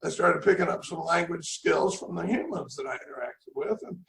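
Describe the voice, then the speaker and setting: A man's voice: fairly high pitch, fairly quick, fairly bright tone. A man putting on a boastful old talking dog. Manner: boastful, smooth raconteur. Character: old male talking dog, proud storyteller.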